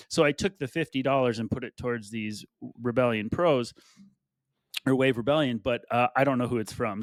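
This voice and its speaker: A man's voice: mid-range voice, dry recording, clean studio sound. A man co-hosting a running podcast in casual banter, telling stories with joking mock hurt while he is coming down with a cold. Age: adult with a wife. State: getting chills, coming down with a cold. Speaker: podcast co-host.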